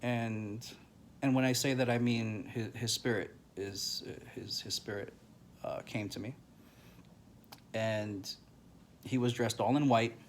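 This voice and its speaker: A grieving man telling a personal story to camera in a halting, emotional way, with many pauses and restarts. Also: medium pitch, fairly even intonation, a little hiss or hum.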